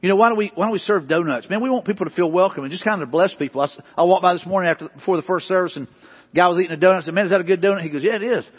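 A middle-aged man delivers an animated, conversational sermon. His voice sits high and sounds a little husky. The recording carries a long echo from the church hall and a somewhat dull, muffled quality. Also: racing. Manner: animated, conversational preaching with repeated catchphrases. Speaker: pastor. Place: church sanctuary.

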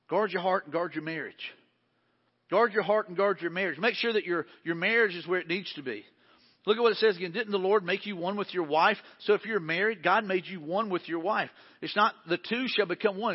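High-voiced preacher in an echoing hall. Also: male voice. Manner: conversational preaching with repetition and quoted asides. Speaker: pastor. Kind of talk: sermon. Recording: dull sound with long hall reverb.

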